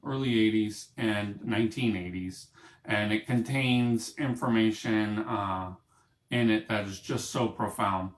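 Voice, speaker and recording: A man with a medium-pitched voice talks casually to camera for his own small broadcast, rambling and restarting with plenty of fillers. He sits in a book-lined room, and the sound is roomy.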